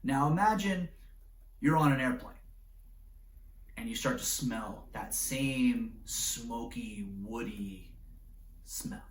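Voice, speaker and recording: An animated male teacher lecturing a class, constantly checking in with his listeners. His mid-pitched voice sounds roomy and echoey, picked up from a little distance off the mic. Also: slow pace, pauses often. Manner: animated, acts out scenarios with voices, keeps asking "right?".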